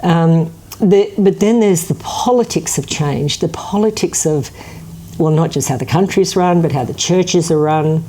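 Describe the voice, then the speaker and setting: A low-pitched woman talks casually in an interview. Her voice is warm and mellow, and she tells stories loosely, with lots of fillers and restarts. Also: measured pace. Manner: chatty, anecdotal, many fillers.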